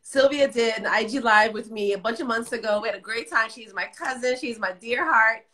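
A woman hosting a casual live stream, effusive and quick to laugh. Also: fairly high pitch, bright, forceful tone, reverberant. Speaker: host of a live video stream.

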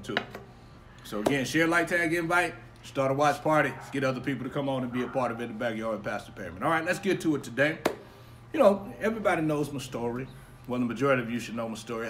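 A man's voice: fairly low pitch, a little hiss or hum. Upbeat pastor, man, live stream. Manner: upbeat shout-outs to viewers, then quieter storytelling. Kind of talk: casual live-stream sermon. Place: home backyard.

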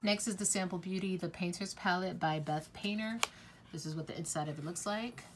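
Woman, beauty vlogger, chatty, effusive, low voice, faint hiss. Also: fairly quick. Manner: chatty, effusive, swears when upset. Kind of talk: casual chat to camera.

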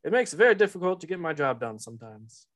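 A man playing an older police chief who talks with a put-on Southern drawl, gruff and fatherly. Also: a little high, sing-song, fast talker, a bit bright, voice pushed up. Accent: American Southern (put on).

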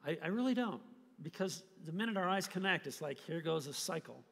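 A man preaching a sermon, telling a story with animated, acted-out scenes. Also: a little high, fairly quick, creaky, big-room sound. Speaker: pastor. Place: church hall.

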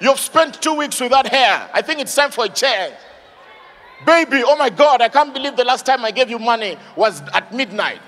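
Animated stand-up, very high voice, yells the punchlines; live-stage noise underneath. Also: male voice, normal speed. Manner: animated, shouts punchlines, acts out characters. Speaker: stand-up comedian. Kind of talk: stand-up comedy routine.

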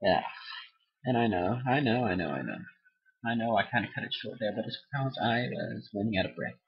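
Husky young man giggling through a game. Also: on the low side, animated, fairly quick. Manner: goofy, giggly, sings silly made-up ditties. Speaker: gameplay commentator. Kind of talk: casual let's-play commentary. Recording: dull lo-fi home recording.

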